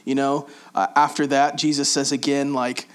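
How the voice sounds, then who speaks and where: Man giving casual, halting Bible teaching. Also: mid-range voice, clean tone. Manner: relaxed, conversational, halting with frequent "um" and "like". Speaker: preacher.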